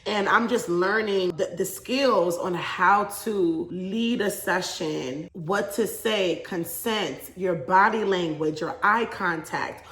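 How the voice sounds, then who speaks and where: A young adult woman vlogger telling a casual story in a chatty, animated way, laughing often. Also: on the low side, takes it slowly, few pauses, echoey room.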